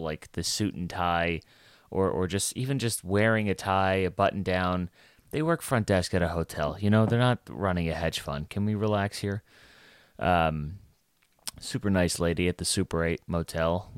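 A man's voice: deep voice, moderate pace, smooth, no echo, studio quality. A young adult man, a stand-up comedian, telling a casual rambling story with lots of fillers and restarts.

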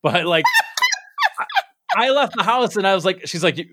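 A man's voice: high-pitched, wildly swooping pitch, pushed and bright, slightly rough, no room sound. A young man from upstate New York, joking and bantering in a casual chat. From southern tier of New York. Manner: joking, quick banter, swears.

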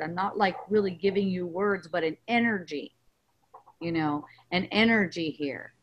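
A woman hosting a spiritual coaching webinar, talking gently and reassuringly in a rambling way over a video call. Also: lowish voice, moderate pace, highs cut off. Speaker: host.

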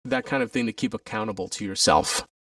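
Here a fast-talking man is captured from a distance in studio quality with no room sound. An alumnus and stage performer, he shares a career story in a conversational interview, acting out others' voices with lively pitch jumps.

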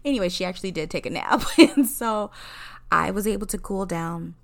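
A woman's voice: mid-range voice, moderate pace, creaky. A woman in her forties, a counselor, candidly telling a personal story in a conversational way, laughing at herself. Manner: candid and conversational, laughing at herself, quoting people in lively voices.

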